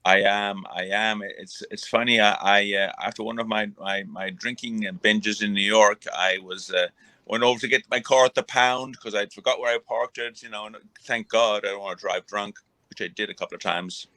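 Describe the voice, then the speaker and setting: Guest, middle-aged man, bright edge, rambling talker, dead-dry sound. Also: fairly low pitch, steady tone, normal speed, no room sound. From Ireland. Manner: rambling, many restarts and fillers. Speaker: guest, retired boxer. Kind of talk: casual interview conversation.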